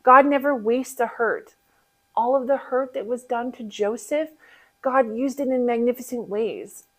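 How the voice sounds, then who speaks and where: A woman telling a Bible story to listeners in an animated way, asking them questions. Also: a little high, a little slow, rough recording. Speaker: children's Bible story teller.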